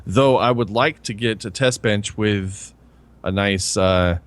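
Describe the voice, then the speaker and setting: A man's voice: lowish voice, takes it slowly. A man appearing as a guest on a casual tech podcast, reacting easily and laughing often.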